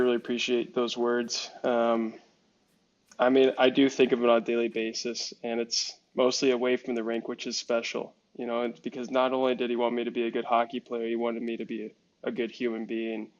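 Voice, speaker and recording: A man's voice: mid-range voice, completely flat delivery, fairly quick. Earnest young man on dull audio. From Alaska. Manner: earnest, reflective, warm, many fillers. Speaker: guest hockey goaltender. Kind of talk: podcast interview answers.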